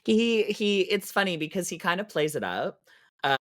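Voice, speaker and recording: A Canadian man who performs in drag guests on a podcast, telling stories in casual chat with a camp, theatrical style and self-mocking boasts. His voice is high-pitched, very animated and a bit bright, at a moderate pace, with studio quality and no room sound.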